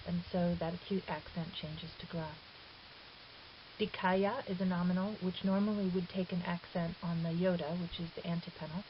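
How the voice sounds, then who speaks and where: Lower-voiced woman teaching a lesson. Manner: patient, methodical, with occasional fillers and self-corrections. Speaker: Greek teacher. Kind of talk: explanatory lesson voice-over. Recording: dull lo-fi recording with faint hiss.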